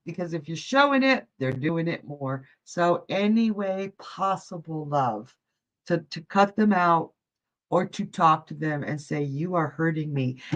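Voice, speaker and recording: A woman's voice: on the low side, fairly bright tone. A woman hosting a live psychic reading stream, talking in a chatty, folksy way and calling viewers honey and love. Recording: dull lo-fi stream audio.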